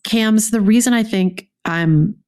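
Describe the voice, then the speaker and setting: A woman's voice: mid-range voice, slow, darkish tone. A woman co-hosting a podcast, talking in an earnest, reflective way and often restarting her sentences. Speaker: podcast co-host. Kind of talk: casual podcast conversation.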